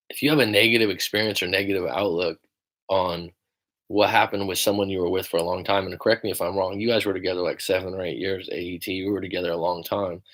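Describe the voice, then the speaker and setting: Male relationship coach, lowish register, profane and direct, livestream Q&A. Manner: blunt, profane, emphatic; reads viewer comments aloud.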